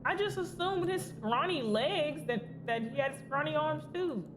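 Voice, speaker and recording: A woman's voice: sits high, animated, unhurried, noisy background. A woman streamer giving chatty, giggly commentary while playing a video game and talking back to its characters. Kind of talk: casual gameplay commentary. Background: faint game music.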